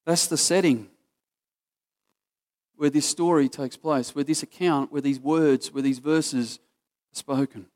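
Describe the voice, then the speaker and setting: A man's voice: fairly high pitch, steady tone, unhurried, long pauses, a little mellow. A man with an Australian accent preaching a casual, story-driven sermon that acts out what people in the story say.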